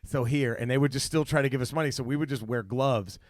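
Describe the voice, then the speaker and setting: A man in his thirties, a comedian, telling an animated, profane story on a podcast and laughing as he goes. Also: medium pitch, quick pace, dry recording, studio quality. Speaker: guest comedian.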